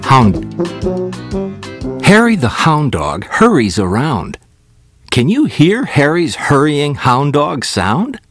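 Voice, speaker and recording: A man reading children's phonics stories slowly and expressively, acting out the letter sounds. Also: a little high, music in the background. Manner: slow, very expressive storybook reading with sound demonstrations. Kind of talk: scripted narration for children.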